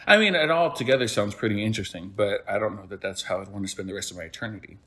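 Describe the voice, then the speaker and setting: A man's voice: lowish voice, rapid-fire, bright, forceful tone. A man hosting a podcast, telling a folk tale in a rambling, playful way. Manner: rambling, self-correcting, playful. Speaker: podcast host. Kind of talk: casual storytelling.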